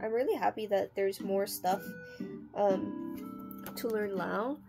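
A woman hosting a casual unboxing vlog, chatty and halting, slowly sounding out words as she goes. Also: mid-range voice, vocal fry, over music. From United States. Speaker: channel host.

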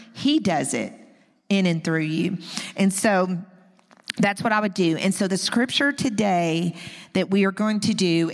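A woman in her fifties giving a personal, conversational teaching message at a women's conference, talking straight to the audience. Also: on the low side. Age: 50s. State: close to tears. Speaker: women's ministry speaker. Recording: long echo of a large hall.

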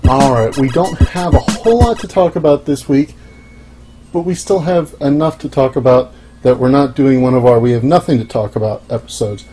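A young man hosting a solo podcast, talking casually in a dry, offhand, wry way with frequent pauses. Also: medium pitch, mellow, soft background music, rough recording. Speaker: podcast host.

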